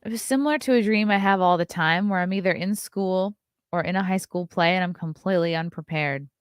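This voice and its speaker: A woman in her thirties hosts a casual morning stream, reading news items and reacting to viewer comments. She talks in a fairly low voice and sounds chatty and opinionated. The sound is dry and close, with no room echo. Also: a little fast, clear, resonant tone. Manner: chatty and opinionated, reacts to chat, yawns often. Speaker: host of a morning talk stream.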